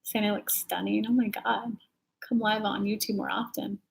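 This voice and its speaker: A woman's voice: medium pitch, little pitch movement, moderate pace, creaky. A woman hosting a casual live stream, chatting animatedly and reading viewer comments aloud. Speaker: intuitive reader and channel host.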